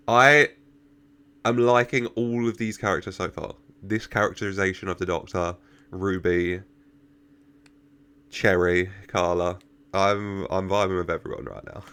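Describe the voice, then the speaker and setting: A man's voice: sits low, sharp tone. A man giving casual reaction commentary, chatting, laughing often and talking back to the characters on screen. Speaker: reaction video host.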